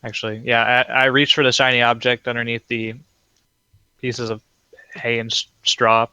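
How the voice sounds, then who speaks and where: A young man playing a tabletop game, talking hesitantly with many pauses and ums. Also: mid-range voice, level tone, bright, forceful tone, clear, resonant tone, no room sound. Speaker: player. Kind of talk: casual chat in a tabletop game.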